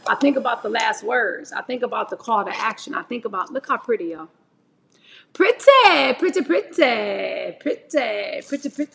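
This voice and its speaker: A woman's voice: fairly high pitch, a little fast, vocal fry, fairly bright tone, slight background noise. A woman in her forties, hosting a livestream, chatting candidly with viewers while she prepares fruit. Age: 40s. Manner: chatty and candid, often calls viewers "y'all". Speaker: livestream host.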